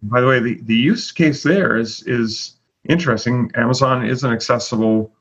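A man's voice: medium pitch, moderate pace, background noise. A man hosting a casual chat, chatty and full of fillers as he announces rankings. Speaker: host. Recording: dull lo-fi audio.

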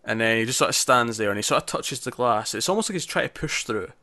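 A man's voice: mid-range voice, animated, fast, bright, forceful tone, dry recording. Guy rambling about an episode with his mate, dry close mic. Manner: chatty, lots of fillers and acted-out quotes. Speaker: podcast co-host. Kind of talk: casual chat recapping a TV episode.

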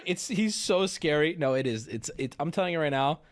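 A man's voice: a little high, expressive, fairly quick, hardly any pauses, no echo, studio quality. A man hosting a live stream, reacting with incredulous, rambling commentary full of restarts. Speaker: streamer host.

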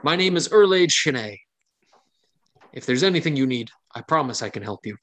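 A man's voice: mid-range voice, lively intonation, a little fast, fairly bright tone, slight background noise, close to an everyday voice. A man voicing an eager young hunter in his twenties who works as a camp cook, earnest and stammering, forever making promises. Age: 20s.

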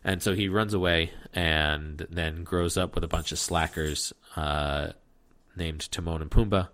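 A man's voice: sits low, steady tone, measured pace, fairly bright tone. A man hosting a podcast, giving a rambling, joking recap of a movie plot in casual chat. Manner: jokey, rambling plot recap with silly voices. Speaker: podcast host.

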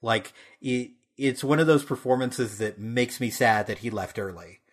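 Husky-voiced man chatting about movies. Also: mid-range voice, moderate pace. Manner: swears freely and laughs between points. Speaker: podcast co-host. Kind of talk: casual film discussion.

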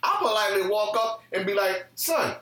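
Man, podcast co-host, profane storyteller, high lively voice, roomy echo. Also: brisk, recorded from a distance. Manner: profane, animated storyteller who acts out other people's lines. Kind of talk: casual chat, storytelling.

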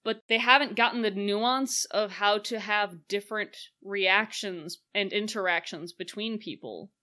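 Bright-voiced sarcastic woman reviewer. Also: mid-range voice, measured pace. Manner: sarcastic, acts out silly quoted voices. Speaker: podcast co-host. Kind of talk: casual chat, film review.

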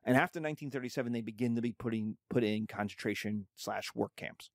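A man explaining history in a lively, conversational lecture with quick spoken asides. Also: medium pitch, dry recording, clean studio sound.

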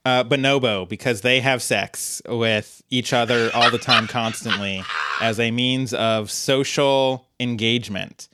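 A man's voice: medium pitch, fairly even intonation, unhurried, very noisy. A man co-hosting a podcast in casual chat, joking around and riffing through quoted bits. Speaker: podcast co-host.

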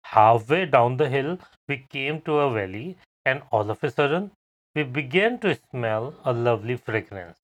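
A man calmly recounting a personal travel memory on an educational podcast. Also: mid-range voice, normal speed. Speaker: podcast guest storyteller.

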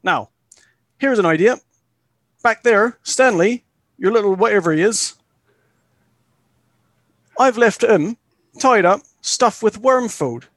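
Jackwick, a gruff, menacing adventurer, as a man puts him on, talks low and threatening with clipped, polite sign-offs. The recording is close and dry. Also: lively intonation, slow pace, pauses often, a bit bright, no room sound, exaggerated voice.

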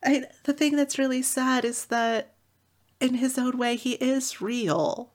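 A woman co-hosting a casual book chat, animated, often acting out characters' lines in quick voices. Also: high voice. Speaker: podcast co-host.

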